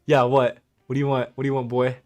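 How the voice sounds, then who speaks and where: A man's voice: medium pitch, flat delivery, quick pace, faint music behind. A young man hosting a livestream, talking casually in a mocking, laughing, slangy way. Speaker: livestream host.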